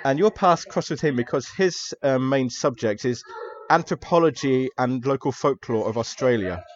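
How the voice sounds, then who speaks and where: A man narrating as game master of a tabletop horror game, relaxed and chatty with frequent ums. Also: medium pitch, normal speed, muffled recording.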